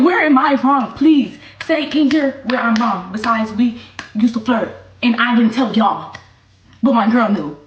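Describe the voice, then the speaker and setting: A woman's voice: a little high, measured pace, muffled recording, slight background noise. A young woman streamer, ranting bluntly and defiantly, swearing and repeating herself. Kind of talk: livestream rant. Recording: echoey room with faint music.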